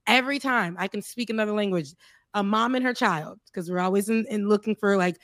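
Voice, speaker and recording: A woman from Florida with a Floridian accent, co-hosting a casual panel chat in an animated, playful way and laughing often. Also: medium pitch, fairly quick, dry recording, studio quality. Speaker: panel co-host.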